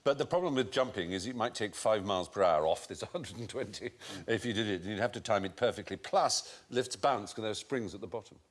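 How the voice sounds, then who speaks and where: A man's voice: fairly low pitch, brisk, hardly any pauses. A middle-aged man hosting a quiz panel show and explaining odd facts with learned relish. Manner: erudite, lively explainer.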